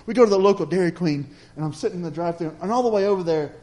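A man's voice: high voice, racing, warm tone. A man preaching a sermon, telling a story in a folksy, chatty way and speaking straight to the congregation.

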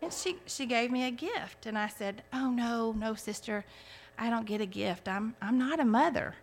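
A woman in her forties shares a heartfelt testimony of her faith, telling her story earnestly and often starting over. Her voice sits on the high side and moves at a moderate pace, with soft music playing behind her.

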